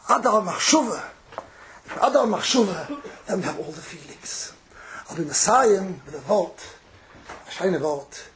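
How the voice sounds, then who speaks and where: A man giving a Hasidic Torah sermon, chanting verses in a sing-song and repeating his phrases. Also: extremely high pitch. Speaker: rabbi giving a Torah talk.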